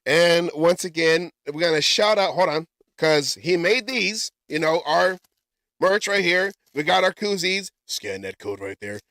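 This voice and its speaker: A man's voice: fairly high pitch, animated, a little slow, fairly bright tone, no room sound, studio quality. A man hosting a casual sports talk show, rambling and often stumbling and correcting himself. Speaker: podcast host.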